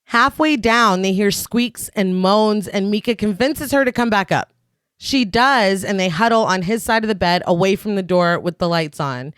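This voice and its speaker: A woman's voice: medium pitch, moderate pace, clear, resonant tone, dry recording. A woman co-hosting a podcast, recapping a film plot in casual chat with dry sarcastic asides. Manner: dry, sarcastic asides between plot beats, laughs often.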